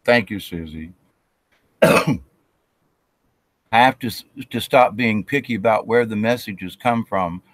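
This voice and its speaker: A man's voice: on the low side, slow pace, pauses often, no echo. Man rambling in a dry room. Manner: rambling, with restarts and acted quotes. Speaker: spiritual talk host. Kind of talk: casual spiritual talk.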